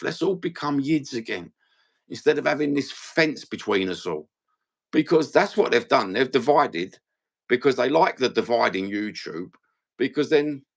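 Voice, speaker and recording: A man with a creaky, mid-range voice and a London Cockney accent hosts a casual fan livestream, talking in a blunt, sweary, rambling way as the channel's host.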